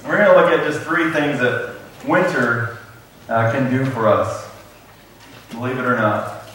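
A man's voice: mid-range voice, unhurried, fairly bright tone, slight background noise. A man preaching a sermon as pastor, talking casually with fillers and reading scripture aloud. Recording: very echoey room, mic far off.

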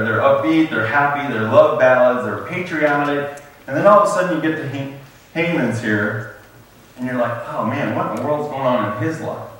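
A man's voice: mid-range voice, fairly bright tone. A man preaching a sermon as pastor, talking casually with fillers and reading scripture aloud. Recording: very echoey room, mic far off.

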